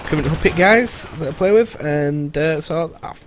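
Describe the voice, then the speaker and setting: A man giving casual, rambling voice-over commentary on his own gameplay, pausing often with "uh" and restarting sentences. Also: on the high side, slight background noise. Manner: rambling, halting, with frequent "uh" and restarts. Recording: voice-over with loud game gunfire underneath.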